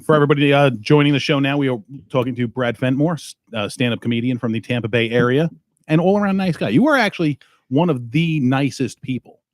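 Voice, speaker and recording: A man's voice: medium pitch, fast, no room sound. A man hosting a casual podcast, talking loosely and swearing freely. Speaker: podcast host. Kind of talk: casual chat.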